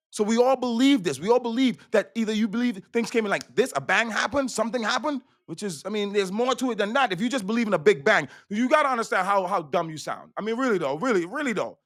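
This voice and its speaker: A man doing a stand-up routine, rambling and swearing, repeating himself, swinging between loud bursts and hushed asides. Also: high voice, no echo, studio quality. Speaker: stand-up comedian.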